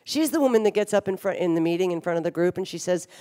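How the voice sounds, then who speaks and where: A woman's voice: fairly low pitch, expressive, fast talker, mellow. A woman in her fifties giving a frank, wry and humorous talk about her own life from a conference stage, swearing bluntly now and then. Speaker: speaker at a recovery conference. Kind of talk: candid personal talk on stage. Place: large hotel ballroom stage. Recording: reverberant hotel ballroom.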